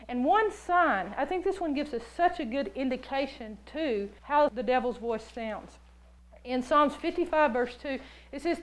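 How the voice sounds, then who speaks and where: High-voiced woman preaching a sermon. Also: rough recording. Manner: animated storytelling, acts out quoted voices; jokey, laughs often.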